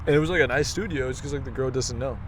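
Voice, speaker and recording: A young man co-hosting a podcast in an easygoing way, spinning stories and laughing along. His voice sits at an ordinary middle pitch, with faint noise in the background. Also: racing. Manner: relaxed storyteller, laughs often. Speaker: podcast co-host. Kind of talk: casual chat.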